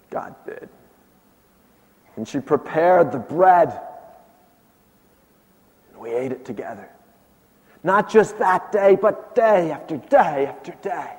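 A man performing a first-person monologue as an aged male prophet, shifting between hushed and impassioned delivery. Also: sits high, lo-fi sound, pitched above the performer's own voice. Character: aged male prophet recounting his miracles. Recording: long hall reverb.

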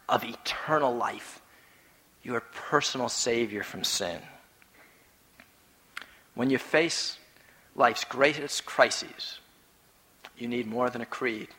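A man preaching a sermon, rising to loud emphatic peaks and dropping to hushed, low phrases. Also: big-room sound.

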